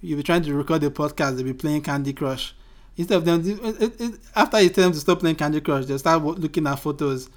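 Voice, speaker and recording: A man's voice: on the high side, fast talker. Teasing man podcast host. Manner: teasing, joking. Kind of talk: casual chat.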